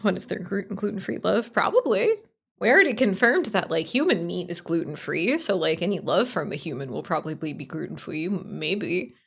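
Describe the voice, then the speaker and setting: With a lowish, gravelly voice carrying a breathy edge, she sounds expressive and moves at a moderate pace. The woman is live streaming, bantering playfully with her chat while offering blunt, opinionated, heavily profane commentary.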